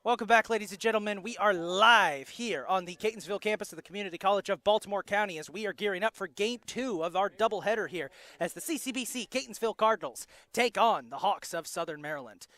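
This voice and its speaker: A man calling a live college softball broadcast as play-by-play announcer, reading out the lineups in a steady announcer delivery and quickly correcting his own slips. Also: high-pitched, no echo.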